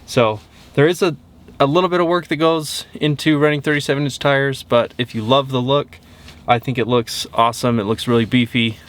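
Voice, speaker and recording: A man's voice: mid-range voice, steady tone, fairly quick. A man giving a casual, upbeat walkaround of a truck in a vlog, with frequent fillers. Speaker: truck reviewer. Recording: windy outdoor noise.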